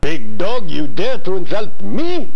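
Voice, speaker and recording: A gravelly, haughty photographer with a fake French accent. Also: male voice, high voice, huge pitch swings, measured pace, heavily acted. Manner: dismissive, haughty. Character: snooty exclusive male photographer, brusque. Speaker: adventure game character.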